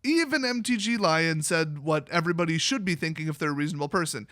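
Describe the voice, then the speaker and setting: A man's voice: on the high side, expressive, quick pace, hardly any pauses, fairly bright tone, no room sound, studio quality. A young man from Wisconsin giving blunt, sarcastic solo commentary as a card game video host.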